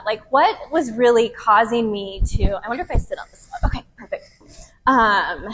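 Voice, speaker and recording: A woman in her thirties, a podcast host and retreat leader, speaks in a slightly high, fairly bright voice. She tells a live group a candid personal story in a casual, frank manner.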